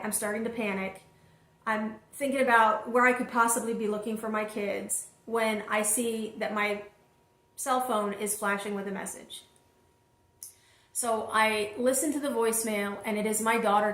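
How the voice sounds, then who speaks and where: Woman host, fairly high voice, lively first-person storytelling addressed to the viewer, recorded in an echoey room. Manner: animated storyteller who speaks straight to her listeners. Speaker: vlog host and single mother.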